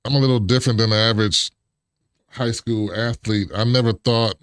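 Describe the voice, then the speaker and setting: A man in his forties, a guest on an interview show, telling stories in a casual, animated way and acting out old conversations. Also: brisk, smooth, dry recording, studio quality. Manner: animated, acts out remembered dialogue with big pitch jumps, chuckles. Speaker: interview guest, former pro football lineman.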